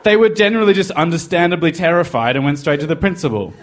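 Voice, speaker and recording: A man's voice: fairly high pitch, expressive, fast talker, slight background noise. A man telling a personal story, wry and self-deprecating, in a confessional way. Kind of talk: personal story told to a live podcast.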